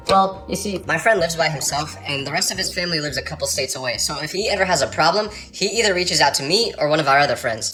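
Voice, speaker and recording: A man telling funny first-person stories with an animated, exasperated comic delivery. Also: a little high. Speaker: storyteller. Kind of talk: comedic first-person storytelling.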